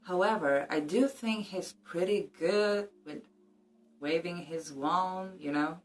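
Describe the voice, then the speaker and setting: A woman's voice: fairly low pitch, slow. A woman vlogger casually discussing a book and reading passages aloud, with joking, cheeky asides.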